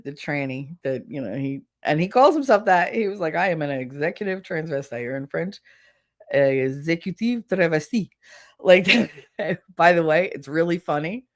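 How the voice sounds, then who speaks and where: Woman podcast host, lowish voice, casual solo chat, laughs a lot, swears freely. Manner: chatty, laughs often, animated.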